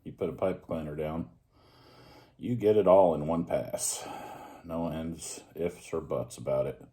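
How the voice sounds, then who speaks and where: Very deep-voiced man, rambling. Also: unhurried. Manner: relaxed, rambling, joking at himself. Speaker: pipe reviewer. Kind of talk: casual vlog chat.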